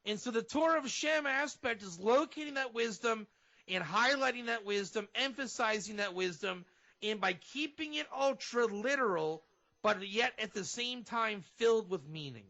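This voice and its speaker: A man, a rabbi and guest on a radio show, teaching in an animated way and sometimes acting out fervent prayer. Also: sits high, normal speed. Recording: dull lo-fi radio audio.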